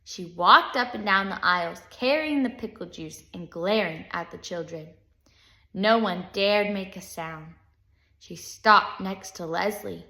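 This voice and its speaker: Slow, bright-voiced woman reading a story. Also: mid-range voice, roomy sound. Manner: expressive, unhurried storytelling. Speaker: audiobook reader. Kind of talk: reading a children's book aloud.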